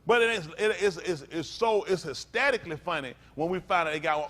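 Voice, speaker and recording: A man with a notably high voice preaches a teaching sermon. He is animated, throws in acted voices for the people he quotes, and stumbles when he reads aloud. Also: a little fast. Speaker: pastor.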